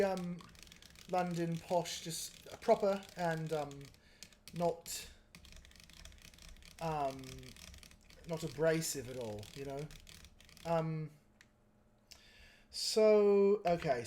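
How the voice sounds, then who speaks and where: A man's voice: a little high, slow, long pauses, slight background noise. A man hosting a live stream, chatting casually and meandering while he explains his painting technique and answers viewers.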